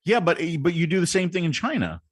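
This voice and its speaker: A man's voice: high-pitched, huge pitch swings, fast talker, husky, no echo. A man co-hosting a casual live-stream show, teasing his partner in playful banter. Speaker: co-host.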